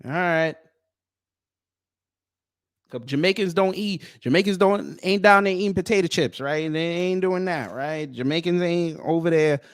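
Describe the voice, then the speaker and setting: A man's voice: on the high side, moderate pace, dry recording, studio quality. A man from the United States giving a reaction commentary, incredulous and mocking as he talks. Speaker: YouTube commentator.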